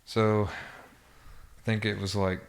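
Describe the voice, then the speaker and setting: Man, deep-ish, flat delivery, subdued interview storytelling. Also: creaky. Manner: halting, with frequent restarts and fillers. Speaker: podcast guest. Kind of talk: personal recollection in an interview.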